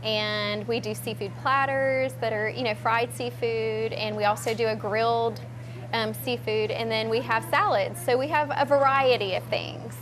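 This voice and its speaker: A woman's voice: on the high side, fairly even intonation, normal speed, over music. A woman who owns a restaurant, answering interview questions in a friendly, casual way and often saying "like" and "um". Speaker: restaurant owner. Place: restaurant kitchen.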